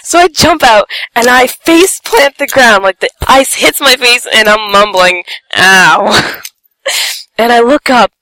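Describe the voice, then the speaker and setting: A woman's voice: a little high, unhurried, no room sound, poor audio. A woman telling a funny personal story in a casual way, giggling often and acting out what people said. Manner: animated, acts out quotes with squeals and shouts; giggles between lines. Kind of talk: casual anecdote.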